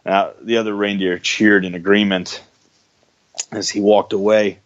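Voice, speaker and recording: A man hosting a radio show, narrating a holiday story in a plain, unhurried way. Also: lowish voice, little pitch movement. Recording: dull lo-fi radio audio.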